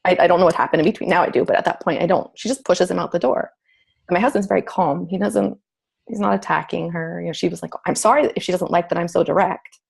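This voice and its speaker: Husky gravelly woman telling a story. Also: lowish voice, fast. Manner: animated, acts out her own inner voice. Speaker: guest. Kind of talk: casual personal storytelling.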